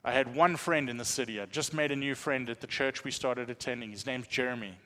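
Brief: male pastor, bright tone, animated storytelling, echoing church hall. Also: medium pitch, brisk. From South Africa. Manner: animated storytelling, self-deprecating humor. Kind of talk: sermon testimony.

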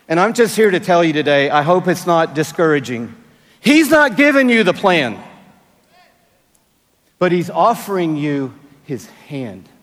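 Older man preaching slowly in an arena. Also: a little high, sing-song, a bit bright. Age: 60s. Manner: emphatic, drawn-out phrasing with playful asides. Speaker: pastor. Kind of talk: sermon. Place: large arena. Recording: long arena reverb.

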